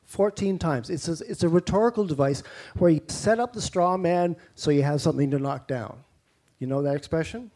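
A man's voice: a little high, brisk, warm tone. A man with a Canadian accent preaching a sermon in a conversational way, with rhetorical questions and mock-incredulous asides.

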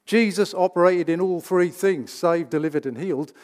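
A man's voice: high-pitched, normal speed, darkish tone. Emphatic male preacher. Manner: emphatic, rhetorical questions. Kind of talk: sermon. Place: church. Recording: reverberant church hall.

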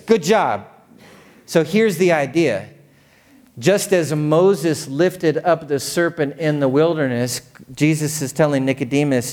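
A male pastor preaching a sermon in a church, energetic and casual, playfully urging the congregation to join in. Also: a little high, unhurried.

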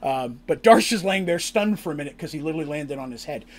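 A man recapping a tabletop role-playing session as game master, in animated storytelling that bursts into acted character lines. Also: a little high, fast. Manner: lively, acts out characters' lines in shouts and squeals.

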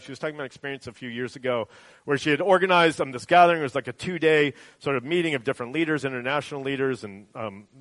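A middle-aged male pastor preaching in a relaxed, conversational way, often tagging his points with "right?". His voice sits at a middle pitch and sounds close and dry, with almost no room echo. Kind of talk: sermon.

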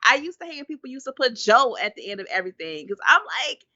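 A woman co-hosts a podcast, chatting candidly and laughing easily. Her voice is bright and a little high, and the dry recording comes across slightly dull and lo-fi. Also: no room sound. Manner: candid, animated and quick to laugh. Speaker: podcast co-host. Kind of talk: casual chat.

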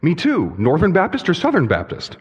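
A man's voice: a little high, huge pitch swings, a little fast, breathy edge, lo-fi sound, voice pushed up, exaggerated voice. A young man voicing an eager, zealous older man in a told joke, keen and insistent, speaking in a church hall with a long reverb.

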